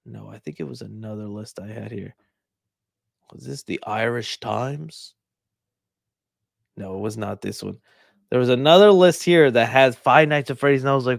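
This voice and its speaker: A man's voice: mid-range voice, normal speed, vocal fry, long pauses, no echo, studio quality. A man who reviews movies, giving casual reaction commentary with rambling, jokey asides.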